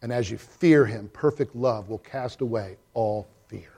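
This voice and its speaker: A male pastor giving a sermon, swinging from loud, high swells to quiet, hushed drops, and reading a story aloud with voices. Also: measured pace, slightly rough.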